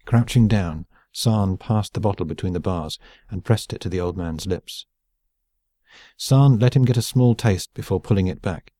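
A male audiobook narrator with a very low, dark voice. He reads steadily and evenly, close to the mic in a dead-dry room. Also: moderate pace, no echo. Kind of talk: scripted narration.

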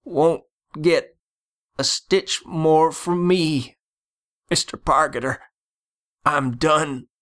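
A man's voice: a little high, very slow, pauses often, a bit bright, voice pushed up. A man voicing a plump male dentist who gasps out his last words, strained and defeated. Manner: gasping, strained.

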